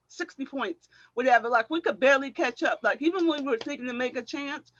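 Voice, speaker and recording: A middle-aged woman, a former track athlete, telling animated stories in a casual chat and acting out what people said, often laughing. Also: high-pitched, no room sound, dull audio. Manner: animated storyteller, acts out quotes, laughs often.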